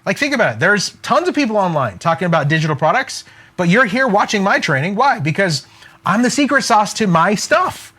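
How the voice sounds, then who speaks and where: A middle-aged man coaching online entrepreneurs in an energetic, emphatic talk, peppered with "like" and "okay?". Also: sits high, fairly quick, husky. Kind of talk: motivational direct-to-camera talk.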